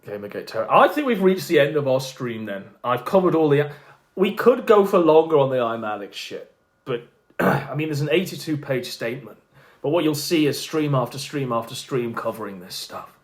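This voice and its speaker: A man's voice: mid-range voice, lively intonation, normal speed. Mocking, rambling male streamer. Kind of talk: casual livestream rant.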